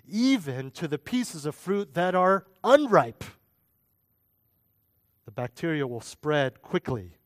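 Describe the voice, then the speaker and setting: A man's voice: on the high side, dry recording, clean studio sound. A middle-aged man preaching a sermon as a pastor, talking conversationally and asking the listeners rhetorical questions.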